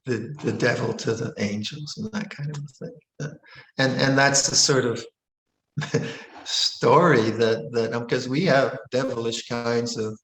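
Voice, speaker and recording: A male Buddhist monk gives a dharma talk as a gentle, amused storyteller, chuckling often between his words. His pitch sits in an ordinary middle range. The sound is roomy and echoing, as if from a large hall during an online session. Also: a little slow, a little hiss or hum. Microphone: online video session.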